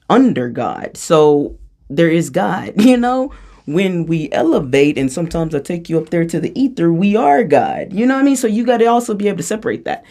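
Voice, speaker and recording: Gravelly voice in a chatty channeling monologue. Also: mid-range voice. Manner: animated and chatty, frequent laughs. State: out of breath. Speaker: spiritual channeler.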